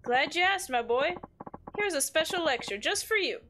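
Game reading: odd old man giving unwanted advice, old-timey villain flavor, played by a woman streamer, pitched a little high. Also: animated, moderate pace, background noise. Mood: lecturing.

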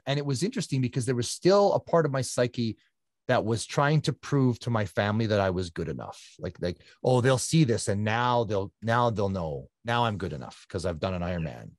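A middle-aged man from Canada, a guest telling his story in a casual, animated way and acting out quotes. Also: mid-range voice, dry recording, clean studio sound. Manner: animated, conversational, acts out quotes.

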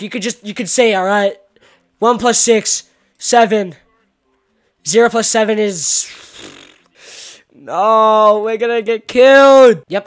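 A man with an Australian accent doing let's-play commentary on a horror game, jumpy and slangy, yelping when startled. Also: high voice. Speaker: gaming YouTuber.

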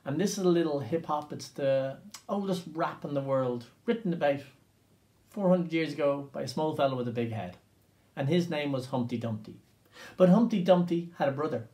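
A man's voice: on the high side, expressive, moderate pace, dark tone. A man leading an interactive percussion class for children, upbeat and coaxing, counting beats aloud for listeners to copy. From Ireland. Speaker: drumming teacher.

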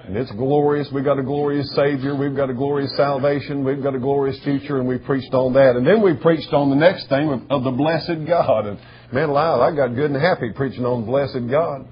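A middle-aged man preaching a sermon as pastor, emotional, going from soft and teary to shouting. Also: medium pitch, fairly even intonation, a little fast, a little hiss or hum. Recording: dull lo-fi church recording.

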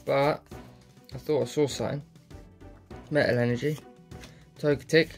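Man, casual sweary pack-opening commentary, mid-pitched voice, faint music behind. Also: fairly even intonation, moderate pace, vocal fry. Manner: sweary, muttering, jokey asides. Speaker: card pack opener.

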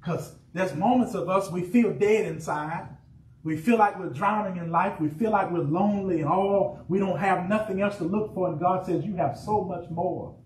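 A fervent pastor preaches in a high, ringing voice, throwing refrains back and forth with his congregation. The sound is roomy and a little distant, with a faint hum of church ambience behind him. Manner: preacherly call-and-response, rising excitement, shouted refrains. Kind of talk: sermon. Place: church sanctuary.

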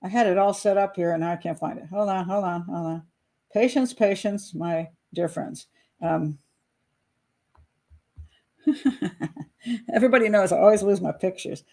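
A woman hosting a casual commentary show as a criminal profiler, rambling and self-deprecating, often pausing to search aloud for her notes. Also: mid-range voice, a little mellow.

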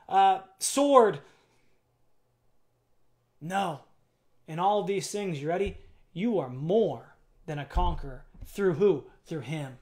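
High-voiced pastor guy preaching, gets big and emphatic, lots of questions to the church. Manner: preaching with rising, emphatic build-ups and rhetorical questions. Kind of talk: sermon.

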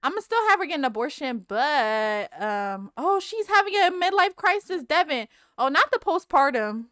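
A woman giving casual, animated commentary on her game, talking straight to viewers, swearing and laughing often. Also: high-pitched, moderate pace, no echo, studio quality. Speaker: Let's Play creator.

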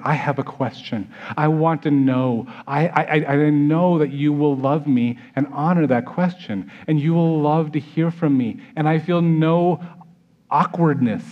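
Animated American pastor preaching a sermon. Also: male voice, fairly high pitch, muffled recording. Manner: animated, acts out scenes with quoted voices.

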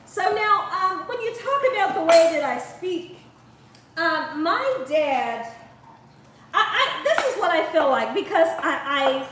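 Her voice is extremely high and sing-song, and she speaks slowly over background noise. This Columbus, Ohio woman hosts a home cooking show, laughing and chatting with viewers in an echoey kitchen, positioned far from the mic.

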